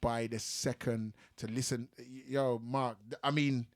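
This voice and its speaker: A man's voice: medium pitch, steady tone, measured pace. A man hosting a radio show, teasing and laughing with his guest in casual chat. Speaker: radio host.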